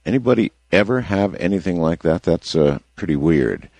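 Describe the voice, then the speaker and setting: Deep-voiced male call-in host, animated, dry close mic. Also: moderate pace, creaky, husky, no echo. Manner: relaxed, conversational, with affirming interjections. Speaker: radio talk show host. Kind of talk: late-night call-in radio hosting.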